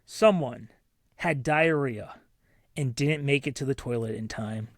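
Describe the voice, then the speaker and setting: A man co-hosting a podcast, telling animated stories in casual chat and acting out the people he quotes. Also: medium pitch, measured pace, no echo, studio quality. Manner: animated storyteller who acts out loud quoted voices. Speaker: podcast co-host.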